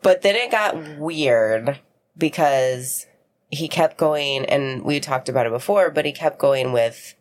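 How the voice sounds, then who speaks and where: A woman's voice: rumbling low, expressive, takes it slowly, slight background noise. A woman co-hosting a podcast in casual chat, blunt and profane, laughing often and acting out what others said. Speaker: podcast co-host.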